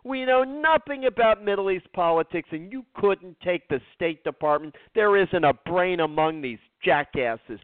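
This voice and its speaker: A man's voice: high voice, expressive, moderate pace, few pauses, dry recording. A man delivering a blunt, profane, heated political rant as a show co-host. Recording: tinny phone-like dry sound.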